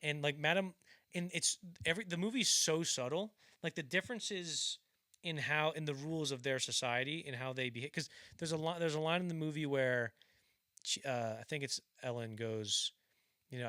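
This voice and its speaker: A man's voice: on the high side, normal speed, pushed and bright, clear, resonant tone. A man hosting a podcast, chatting casually about movies, often stumbling and restarting, acting out lines from scenes. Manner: rambling, stumbles and restarts, acts out quotes. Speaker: podcast host. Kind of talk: casual film discussion.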